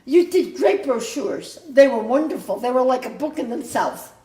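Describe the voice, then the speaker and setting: An older woman recounts family history to her grown child, rambling casually and often breaking off mid-sentence to start again. Her voice is high, expressive and warm, at normal speed, in a reverberant space.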